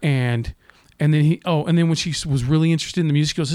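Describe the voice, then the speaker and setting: A man's voice: on the high side, quick pace, mellow, dry recording. A man on a casual podcast, telling a long story, swearing a lot and acting out the voices of the people in it. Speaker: podcast co-host.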